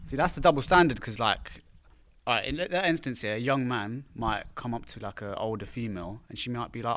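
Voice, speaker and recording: A man's voice: mid-range voice, fast talker, fairly bright tone. A young man, co-hosting a casual chat and talking points through with questions. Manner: talks things through, asks questions, often adds "you know what I mean". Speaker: podcast co-host.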